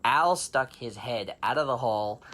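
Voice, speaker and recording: A man telling an improvised bedtime story to children, playful and animated, with sound effects and laughter. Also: mid-range voice, normal speed, a little hiss or hum.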